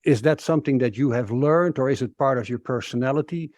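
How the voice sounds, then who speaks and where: A man hosting an interview, asking thoughtful, measured questions. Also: mid-range voice, a little mellow, dry recording, studio quality. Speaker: podcast host.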